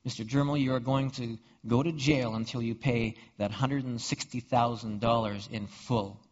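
A man voicing a stern male judge who questions slowly and solemnly. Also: medium pitch, steady tone, pitched below the performer's own voice, close to an everyday voice. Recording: dull reverberant hall recording.

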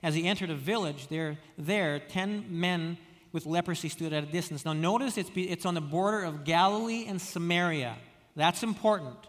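A man preaching a sermon, telling stories with frequent restarts and stammered repeats, dropping soft when quoting. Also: fairly high pitch, moderate pace, long reverb tail. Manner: storytelling, many restarts and stammered repeats, drops soft for quoted words. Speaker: pastor.

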